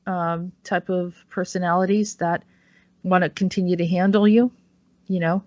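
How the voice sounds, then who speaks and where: A woman's voice: fairly low pitch, steady tone, moderate pace, a little mellow, no room sound. A woman hosting an online talk show, rambling with plenty of fillers. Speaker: host. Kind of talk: casual online chat. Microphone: video call. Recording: dull, dry video-call audio.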